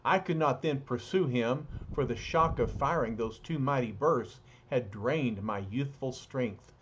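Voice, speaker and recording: A man's voice: mid-range voice, a little slow, breathy edge. A man voicing a proud young male warrior prince from a comic book, speaking in formal, solemn declarations. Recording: dull lo-fi recording.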